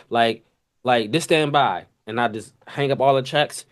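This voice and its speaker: A man hosting a podcast, telling casual stories from restaurant kitchens in an animated, slangy way, acting out sounds and coworkers' voices. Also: mid-range voice, normal speed. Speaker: podcast host. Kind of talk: casual storytelling monologue.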